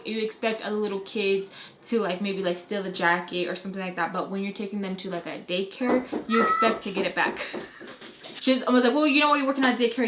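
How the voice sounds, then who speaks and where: A woman's voice: medium pitch, a bit bright. A young woman vlogger telling a heated story in casual chat, acting out quotes and swearing freely. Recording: roomy echo, faint background noise.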